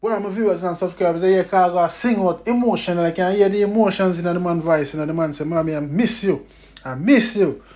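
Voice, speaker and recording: An animated Jamaican man with a fairly high voice hosts a casual music commentary vlog. He keeps tagging his lines with "you know" and "big up". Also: a little fast.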